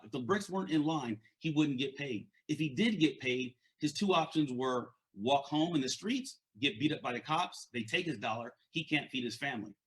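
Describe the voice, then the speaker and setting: A medium-pitched, somewhat bright voice belongs to a man coaching on leadership and mindset. His motivational talk is earnest and conversational, marked by a stutter and frequent repeated words.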